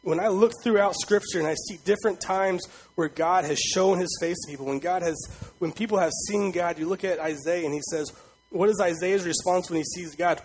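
A man's voice: a little high, fairly quick, a little mellow, slightly rough, poor audio. A man in young adulthood preaching a sermon as pastor, in a conversational style, asking the congregation questions and voicing God with emphasis.

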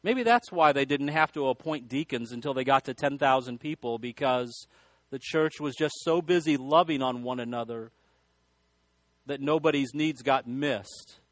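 A man's voice: mid-range voice, normal speed, no echo. A male pastor preaching a sermon, telling folksy stories and often restarting his sentences. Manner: folksy storytelling with repeated restarts.

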